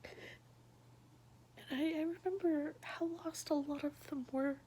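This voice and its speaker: A young woman whispering a personal story in a soft, halting, intimate hush. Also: high voice, steady tone. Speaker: vlogger sharing her past.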